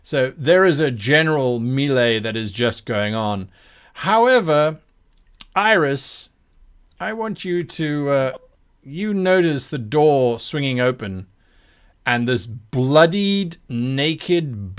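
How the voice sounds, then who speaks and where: Slow-narrating male game master. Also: medium pitch, lively intonation, clear, resonant tone.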